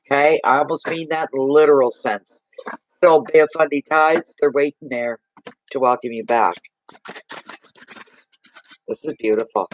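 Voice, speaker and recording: A man giving a live tarot card reading, gushing and emotional, slow and soothing. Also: mid-range voice, no room sound, dull audio.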